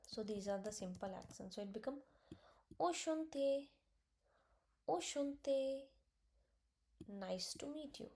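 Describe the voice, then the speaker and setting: Slow, mellow-voiced woman teaching French. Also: on the high side. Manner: slow, repeats each word, mixes in Punjabi and Hindi. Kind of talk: online language lesson.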